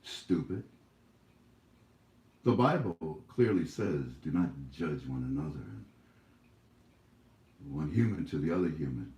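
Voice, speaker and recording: Male YouTube host, soft dark voice, preachy and rambling, echoey room. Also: rumbling low, lively intonation, takes it slowly, pauses often. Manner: scolding, preachy, rambling with many fillers. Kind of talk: casual monologue to viewers. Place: his home.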